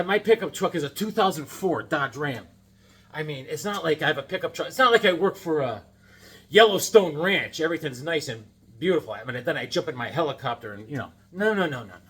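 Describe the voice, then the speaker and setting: A man's voice: high voice, fairly bright tone, husky. A middle-aged man chatting casually on his comic book vlog, rambling and joking and repeating himself as he unboxes a package.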